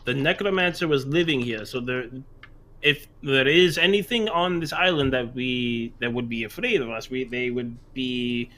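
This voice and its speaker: A man playing a tabletop game, excitable, stumbling over words and swearing. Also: medium pitch, normal speed, slight background noise. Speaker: player. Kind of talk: casual tabletop game chat.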